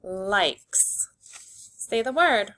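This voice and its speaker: A woman teacher leading a phonics lesson for young children, slowly sounding out words and giving simple, encouraging instructions. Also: mid-range voice, lively intonation, pushed and bright. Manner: slow, clearly segmented sounding-out of words.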